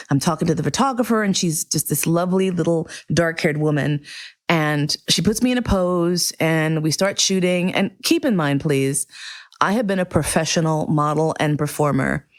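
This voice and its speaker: A middle-aged woman hosting a podcast, telling a personal story in a candid, profane, animated way. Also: lowish voice. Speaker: podcast host. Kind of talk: casual storytelling monologue.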